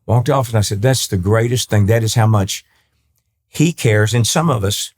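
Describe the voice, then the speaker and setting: A man's voice: on the low side, normal speed, a little mellow. A man from East Texas, a country singer and guest, telling long rambling anecdotes with many restarts and acting out the people he quotes. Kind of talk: storytelling interview talk.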